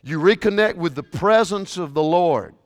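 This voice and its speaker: A man pastor preaching a sermon, swinging from hushed, intimate lines to shouted, passionate ones. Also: on the high side, lively intonation, normal speed. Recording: long reverb of a large hall.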